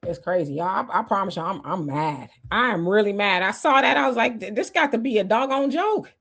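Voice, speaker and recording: A woman's voice: mid-range voice, lively intonation, brisk, a bit bright. A woman co-hosting a casual political livestream, reading viewer comments aloud and reacting heatedly. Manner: heated, exclamatory, talks to viewers as y'all.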